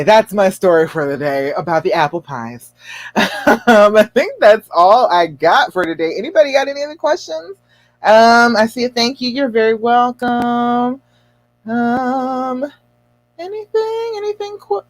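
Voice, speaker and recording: A woman relationship coach talking casually to viewers on a livestream, telling a story in an animated, encouraging way. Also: on the high side, moderate pace, no echo. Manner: chatty storytelling, animated and expressive; encouraging, addresses viewers directly.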